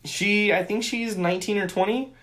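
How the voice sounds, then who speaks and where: A young man co-hosting a casual podcast chat, telling a rambling, profanity-laden story with excitable bursts, recorded on a phone. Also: high-pitched, moderate pace. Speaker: podcast co-host.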